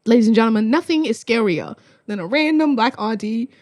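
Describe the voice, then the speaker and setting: A young woman from Australia, a spoken word poet, telling stories in a casual conversation, animated and swearing freely. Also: fairly high pitch, a little fast, no room sound, studio quality. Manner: animated, swears freely, acts out voices in anecdotes.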